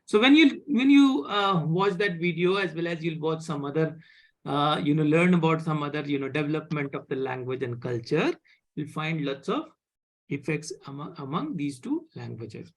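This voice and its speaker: A man teaching a live online French class, halting with many fillers and often asking "okay?". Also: on the high side, expressive.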